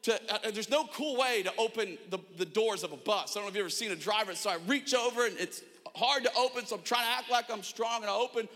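A young man preaching a sermon, telling a funny personal story with self-mocking animation and shouted asides in a church auditorium. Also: high-pitched, quick pace, hardly any pauses. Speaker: pastor. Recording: long hall reverb.

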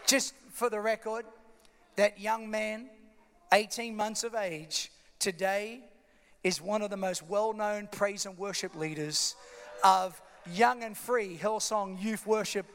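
Impassioned pastor preaching in a hall. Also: male voice, sits high, fairly even intonation, slow, a little hiss or hum. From Australia. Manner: impassioned preaching, rising to shouts. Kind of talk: sermon. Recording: echoey hall reverb.

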